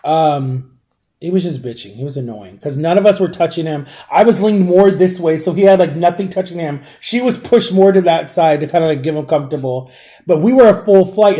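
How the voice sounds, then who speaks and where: Rambling, throat-clearing man with a mellow voice. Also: a little high. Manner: chatty, swears casually. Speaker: vlogger. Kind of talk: casual storytime vlog.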